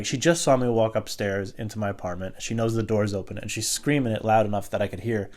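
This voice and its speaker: A man's voice: lowish voice, quick pace, hardly any pauses, a little mellow. A man hosting a solo podcast, ranting in a casual, profane, exasperated way about everyday annoyances. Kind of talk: solo comedic rant.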